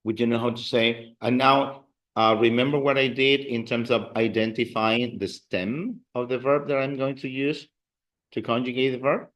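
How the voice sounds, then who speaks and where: A man's voice: mid-range voice, steady tone, a bit bright. A man teaching a class, explaining verb endings patiently and drilling students in a classroom. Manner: slow, patient, drills students with call-and-response. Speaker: Spanish teacher. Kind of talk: classroom lesson.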